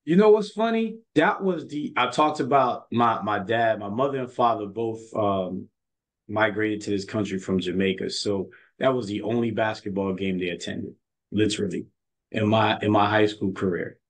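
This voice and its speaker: A man's voice: lowish voice, normal speed. Earnest storytelling man coach. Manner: earnest storyteller, repeats words as he goes. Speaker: college basketball coach. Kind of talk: casual interview chat.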